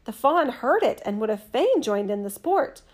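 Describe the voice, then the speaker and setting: A woman reading a fairy tale aloud in a gentle, measured, expressive storytelling manner. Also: a little high.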